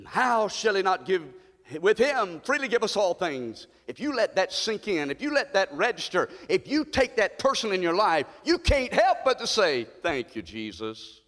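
A man preaching a sermon as pastor, calling out to the congregation and building to shouts. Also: high voice, sing-song, normal speed, long reverb tail. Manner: call-and-response preaching, rising to shouts. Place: church sanctuary.

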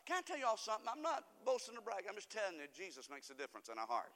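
A preacher man with a high, bright, ringing voice, delivering a sermon in a church with long reverb. He swings from quiet asides to sudden shouts and draws the congregation into call-and-response. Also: lively intonation, rapid-fire. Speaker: pastor.

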